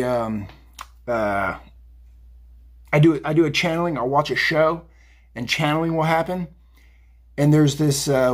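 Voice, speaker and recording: A man's voice: fairly high pitch, slightly rough. A man giving a tarot reading on a phone video, blunt and fired up, swearing and rambling. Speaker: tarot reader. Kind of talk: casual profane psychic rant.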